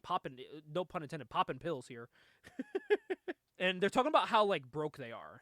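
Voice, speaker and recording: Bright-voiced young man, chatty and dry. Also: a little high, no echo. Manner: laid-back, laughs often, loose retelling with many "like"s. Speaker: podcast co-host. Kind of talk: casual comic book review chat.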